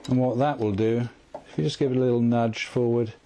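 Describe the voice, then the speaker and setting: A man calmly walking through a guitar tremolo setup step by step, patient and methodical. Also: mid-range voice, a little fast, slight background noise. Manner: calm, patient, step-by-step explaining. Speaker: guitar tech instructor. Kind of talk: instructional demonstration.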